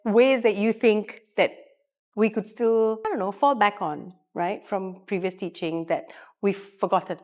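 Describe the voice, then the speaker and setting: A woman's voice: medium pitch, steady tone, measured pace. Woman podcast host asking thoughtful questions. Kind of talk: podcast interview.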